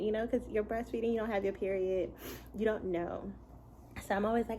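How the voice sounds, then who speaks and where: A young adult woman telling a casual story at home, chatty and animated, often breaking into laughs. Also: medium pitch, fairly quick, slight background noise, low-quality recording. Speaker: vlogger and mother.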